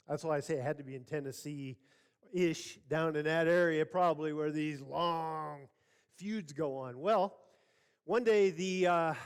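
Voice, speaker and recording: A man's voice: a little high, smooth. A male pastor preaching a sermon, opening with a folksy joking story. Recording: church hall reverb.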